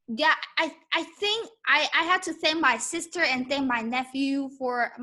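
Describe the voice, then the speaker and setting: High, bright-voiced teacher woman. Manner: slow, patient, mixes English with Mandarin, models tones by humming. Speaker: Mandarin teacher. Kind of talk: live-streamed language lesson.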